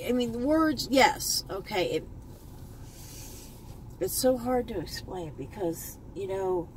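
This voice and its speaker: A woman's voice: mid-range voice, lively intonation, slow, darkish tone, low-quality recording. A woman records a heartfelt, rambling vlog from her car and takes her time over every thought. She keeps circling back over the same points, choked up at times. A faint background hum sits under her voice. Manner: heartfelt, rambling, repeats herself. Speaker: beauty vlogger. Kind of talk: emotional commentary vlog. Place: in a parked car.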